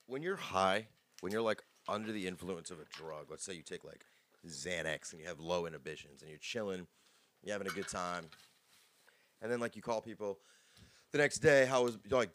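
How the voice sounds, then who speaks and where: Young dude, really low voice, talks super fast, deadpan and sarcastic, lots of likes. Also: male voice, a little hiss or hum. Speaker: podcast co-host. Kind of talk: casual chat.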